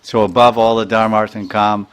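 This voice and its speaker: A man's voice: on the low side, flat delivery, a little fast, smooth. Man teaching scripture, chanting Sanskrit verses. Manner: recites Sanskrit verses, then explains them line by line; chuckles while teaching. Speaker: spiritual teacher. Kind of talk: scripture lecture.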